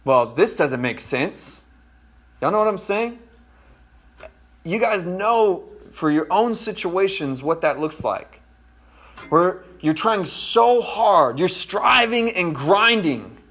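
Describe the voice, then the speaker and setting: A pastor preaches in a relaxed, folksy style, regularly checking in with his congregation and speaking to them directly. His male voice is husky and pitched a bit high. He tends to slow down to drive a point home, then picks up speed when sharing personal stories.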